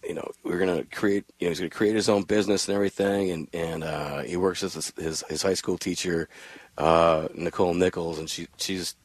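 A man's voice: deep voice, steady tone, brisk, slightly rough, dry recording. A middle-aged man, a football team's general manager, chatting in a radio interview in a rambling way, with many restarts. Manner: rambling, with many restarts, and laughs while telling family stories. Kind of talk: casual radio interview chat.

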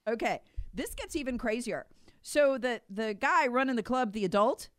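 A woman's voice: a little high, animated, normal speed, no echo, studio quality. A middle-aged woman co-hosting a political talk show, emphatic and indignant, with sarcastic mock quotes. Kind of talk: political commentary chat.

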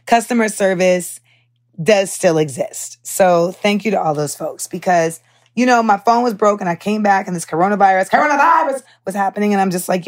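A young woman hosts her podcast in casual chat. She talks candidly and with animation, full of fillers and the odd curse. Her voice sits at an ordinary middle pitch. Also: fairly quick. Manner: candid, animated storytelling with profanity and many fillers. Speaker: podcast host.

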